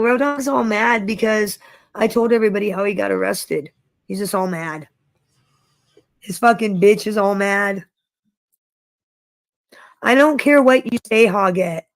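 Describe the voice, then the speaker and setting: A woman's voice: medium pitch, a bit bright, dry recording, low-quality recording. A woman talking mockingly and profanely in a played clip.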